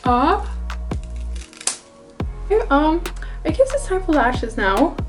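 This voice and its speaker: A woman's voice: high-pitched, very animated, slow, soft background music. A woman chatting casually and joking at herself while taking off her makeup. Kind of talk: casual makeup-removal vlog.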